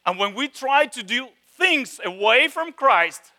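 A man preaching a sermon, emphatic, with slow repeated phrases and sudden drops from loud stresses to hushed tones. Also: very high-pitched, expressive. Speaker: pastor.

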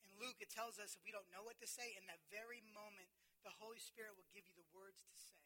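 A man preaching a sermon as pastor, telling a personal story and swinging from hushed confession to loud preaching. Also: high-pitched, fairly even intonation, fast talker.

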